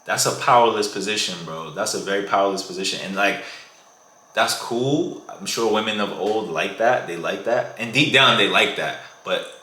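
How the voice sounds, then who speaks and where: A man's voice: fairly low pitch, moderate pace, bright, forceful tone. A young man giving casual dating advice in a vlog, talking in slang and calling the listener "bro". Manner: slangy, says "bro" a lot. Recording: echoey room.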